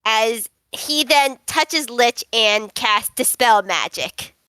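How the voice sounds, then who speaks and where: A woman's voice: on the high side, animated, takes it slowly, bright, forceful tone, smooth, no room sound. A woman playing a tabletop game over voice chat, casually narrating what her character does. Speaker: player.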